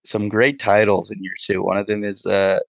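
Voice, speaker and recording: A man's voice: on the low side, level tone, normal speed, creaky, no echo. A man co-hosting a podcast, chatting casually with lots of fillers and amused asides. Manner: rambling, filler-heavy, amused. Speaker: podcast co-host. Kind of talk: casual chat.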